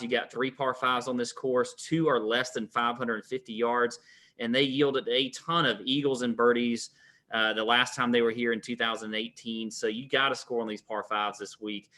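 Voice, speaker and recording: A co-host on a golf betting show rattles off course stats in rapid-fire fashion, loose and casual, with plenty of filler words. His mid-range voice sounds pushed and bright.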